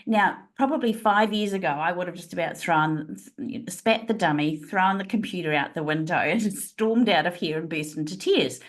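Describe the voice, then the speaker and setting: A woman's voice: fairly low pitch, moderate pace, hardly any pauses. A woman guest on a podcast interview, telling stories expressively with frequent laughter, speaking over a remote call. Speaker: guest, leadership trainer.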